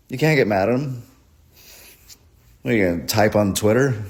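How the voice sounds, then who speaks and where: A man's voice: on the low side, moderate pace. A man performing a rambling, crude, self-deprecating stand-up comedy set at a live show.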